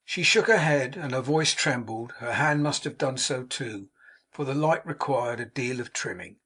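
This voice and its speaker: Brief: male audiobook narrator, husky, mid-pitched, measured storytelling. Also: pushed and bright. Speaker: audiobook reader.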